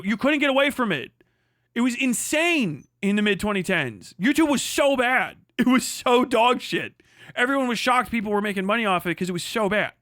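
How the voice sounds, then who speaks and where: Profane ranting man, high bright voice. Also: no room sound, clean studio sound. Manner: profane, sarcastic, quotes voices mockingly. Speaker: livestream host. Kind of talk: casual rant.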